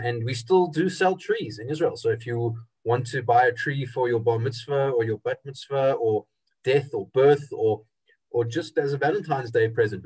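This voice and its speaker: Husky-voiced webinar moderator man. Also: mid-range voice, a little mellow. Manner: hesitant, many uhs. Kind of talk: introducing speakers.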